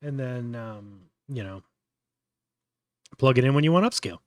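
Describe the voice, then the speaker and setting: A man's voice: medium pitch, animated, moderate pace, dry recording. A man hosting a casual live tutorial, thinking aloud with many fillers and restarts. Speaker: host.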